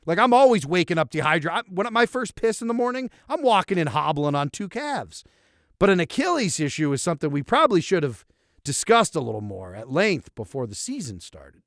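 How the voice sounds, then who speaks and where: A man co-hosting a casual sports podcast, talking in a lively, self-mocking way with laughs, swearing and restarts. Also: fairly high pitch, fairly quick, dry recording, studio quality. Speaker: podcast co-host. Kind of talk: casual chat.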